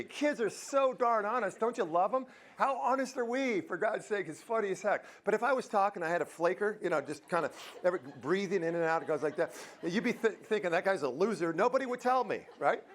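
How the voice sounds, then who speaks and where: A man's voice: sits high, fairly quick, hardly any pauses. A man giving a live motivational talk in a university auditorium, joking and quizzing the audience. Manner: lively, jokey, quizzes the crowd. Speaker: motivational speaker.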